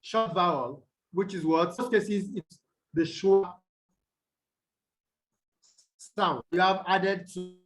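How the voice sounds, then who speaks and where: A man with a high voice teaches at an unhurried pace over a video call. He asks questions and then answers them himself. He says example words twice, slowly, to show the stress. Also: poor audio. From Nigeria. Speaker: English tutor. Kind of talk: online tutorial lesson.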